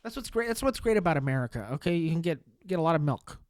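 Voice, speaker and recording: Solo podcast host, man, slightly high voice, deadpan sarcastic rambler, dry close mic. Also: fast talker, no room sound.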